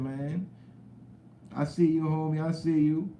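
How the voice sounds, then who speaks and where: A young man hosting a live stream, chatting loosely with viewers in slang, shouting out names from the chat. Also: fairly high pitch, steady tone, normal speed, long pauses, reverberant, slight background noise, rough recording. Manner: loose, rambling talk with slang and cursing, greets chat viewers loudly.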